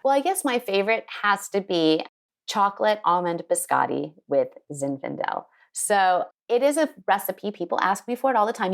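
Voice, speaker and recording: A woman winemaker telling an animated story in an interview, acting out the people she quotes. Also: mid-range voice. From United States. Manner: lively, quotes people in put-on voices. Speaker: winemaker guest. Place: her home in Sonoma County.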